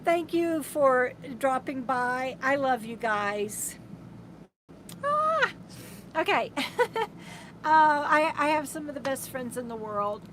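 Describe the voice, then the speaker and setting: Woman, high-pitched, chatty and affectionate, rambling with restarts, faint background hum. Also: measured pace, hardly any pauses, a bit bright. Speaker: RV travel vlogger, host of a live stream. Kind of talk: casual live-stream chat, reading viewer comments aloud. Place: inside her RV.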